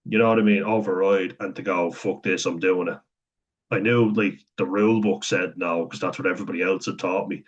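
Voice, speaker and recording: A man's voice: sits low, little pitch movement, quick pace, few pauses. A young man in a candid, profane personal monologue, talking frankly and conversationally. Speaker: vlogger. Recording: dull lo-fi sound.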